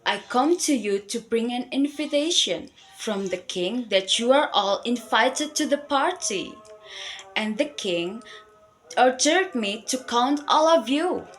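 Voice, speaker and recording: A cocky little mouse deer from a storybook, quick-witted and teasing, as a teenage girl puts him on. The voice jumps up high and loud as he boasts and mocks. Soft music plays faintly behind. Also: lively intonation. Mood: smooth.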